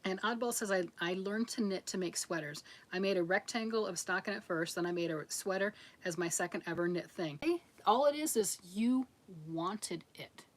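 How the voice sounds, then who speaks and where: A woman's voice: medium pitch, moderate pace, hardly any pauses. A middle-aged woman casually chatting on a livestream, reading out viewer comments and answering them in a chatty, encouraging way with frequent laughs. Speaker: livestream host of a crochet channel.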